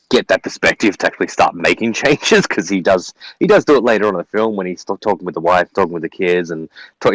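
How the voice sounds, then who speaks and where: Male guest, very low voice, quick rambling delivery, casual film chat. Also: dry recording, rough recording. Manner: fast, rambling, repeats words. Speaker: guest co-reviewer.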